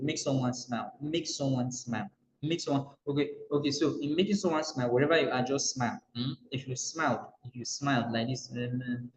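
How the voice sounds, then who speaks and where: A man with a Nigerian accent leading a motivational coaching session, pressing his points hard and repeating key lines to his listeners. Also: medium pitch. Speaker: business coach. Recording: roomy echo, dull lo-fi sound.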